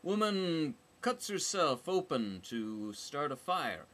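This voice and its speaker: A man voicing a brash, crude, foul-mouthed soldier woman in a storybook reading, loud and sarcastic. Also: fairly high pitch, big pitch swings, slow pace, slight background noise, pitched above the performer's own voice, heavily acted.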